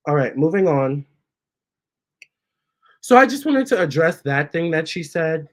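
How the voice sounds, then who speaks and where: A man hosting a casual storytime, reading out viewer comments, chatty and animated, often stopping to talk to his cats. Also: a little high, a little slow. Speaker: tarot reader and channel host.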